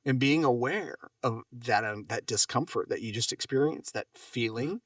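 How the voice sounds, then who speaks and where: A man's voice: medium pitch, normal speed, fairly bright tone, no echo, studio quality, recorded from a distance. A man guest on a conversation podcast, reflecting and telling anecdotes with emphasis. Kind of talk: casual conversation.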